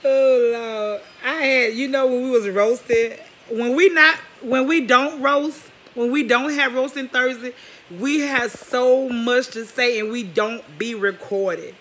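Bright-voiced mom, loose and rambling. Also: female voice, on the high side, takes it slowly, slight background noise. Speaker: mother and vlog host. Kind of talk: casual family roasting chat.

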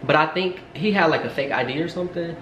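Young man, chatty rambling storyteller, slightly high voice, echoey room with faint hum. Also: fast. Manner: animated, rambling, many fillers and asides. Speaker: storytime vlogger. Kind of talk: casual storytelling to camera.

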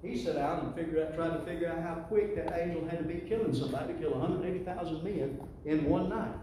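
A man preaching a sermon, building to loud call-and-response with the congregation. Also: fairly high pitch, fast, background noise. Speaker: pastor. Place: church sanctuary. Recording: echoey church hall, distant mic.

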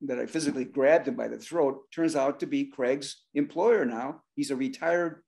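An older man, a drummer, telling an animated story on a talk show and acting out the voices of the people in it. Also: mid-range voice, normal speed, vocal fry. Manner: animated, acts out voices and shouts in his stories. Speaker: guest drummer.

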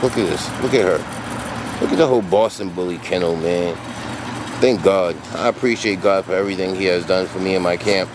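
Deep-voiced man, excited casual vlogger, phone recording outside with heavy street noise. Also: fairly quick. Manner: hyped, slangy, talks straight to viewers. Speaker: dog breeder and kennel owner. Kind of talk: casual vlog walkthrough. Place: outdoors at a kennel yard. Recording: loud outdoor noise with traffic.

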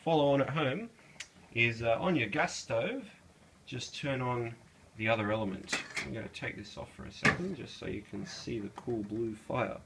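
A man's voice: mid-range voice, moderate pace, gravelly, very noisy. A young Australian man chatting casually as he cooks in a small kitchen, rambling with lots of fillers and slang. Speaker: vlogger. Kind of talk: casual cooking vlog.

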